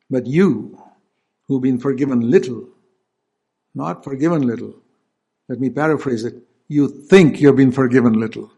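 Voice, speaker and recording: A man's voice: mid-range voice, gravelly, warm tone, breathy edge. A male preacher giving an earnest sermon, stopping to explain scripture verses.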